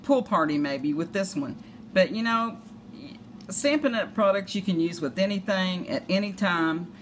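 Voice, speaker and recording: In a noisy home recording, a craft demonstrator with a Southern accent chats her way through a tutorial, wandering off into self-deprecating tangents. Her voice is on the low side, at normal speed.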